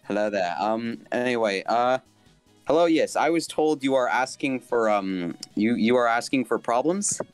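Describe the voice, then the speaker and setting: A man's voice: medium pitch, normal speed, no room sound, soft background music. A man calling in to a live stream, asking for advice in a nervous, hesitant way and often restarting his sentences. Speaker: caller. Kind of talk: call-in conversation.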